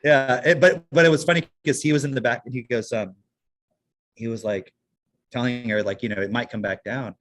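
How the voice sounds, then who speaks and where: A man's voice: medium pitch, fairly even intonation, a little fast, fairly bright tone. A man chatting casually on a podcast, telling stories in a rambling way with many restarts. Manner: rambling anecdotal storyteller, frequent restarts. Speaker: podcast co-host.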